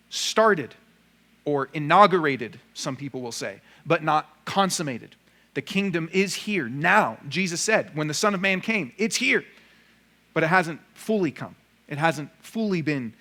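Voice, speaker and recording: A pastor speaking to his congregation in a church room, his voice sitting a little high for a man. He preaches in an easy conversational way, tossing in rhetorical questions and quick asides. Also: fairly bright tone. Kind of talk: sermon.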